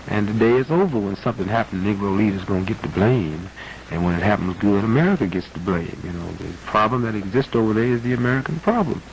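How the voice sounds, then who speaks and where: Low-pitched and emphatic, a man in his thirties makes an impassioned case during an archival interview, his voice rising to preacherly intensity. The audio is poor, old broadcast material carrying faint background noise.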